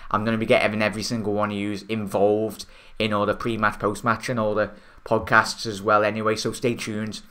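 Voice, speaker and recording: Chatty Scouse man, bright lower voice. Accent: Liverpool Scouse. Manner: chatty, rambling, many fillers and restarts, calls viewers mate. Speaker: football fan channel host. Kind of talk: casual live-stream chat reading comments.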